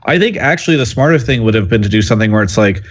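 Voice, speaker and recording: A man's voice: on the low side, expressive, racing. Male panel guest, mid voice, rambling talky reasoning, a bit muffled. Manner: talkative, filler-heavy reasoning. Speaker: podcast guest, journalist. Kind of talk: casual panel discussion. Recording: slightly lo-fi audio.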